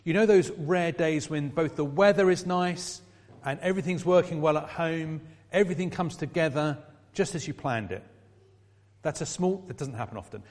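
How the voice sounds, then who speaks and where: A middle-aged man delivering a sermon in a church. His voice sits a little higher than most men's, and he slips into easy, chatty asides to the people in front of him. The sound carries a long reverb from the hall. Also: moderate pace, darkish tone. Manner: conversational, asides to the congregation. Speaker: preacher.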